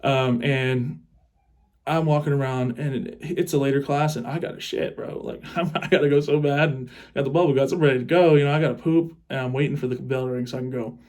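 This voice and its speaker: A man's voice: medium pitch, fairly even intonation, fairly quick, darkish tone. A young adult man, a teacher, telling a funny story in a loose, rambling way, swearing casually and breaking into laughs. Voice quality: rambling and crude, with frequent laughs.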